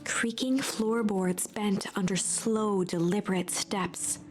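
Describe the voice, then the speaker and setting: A woman streamer reading a game's story narration aloud, hushed and suspenseful, often dropping to a whisper. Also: medium pitch, steady tone, takes it slowly. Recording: music playing under the voice. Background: game music.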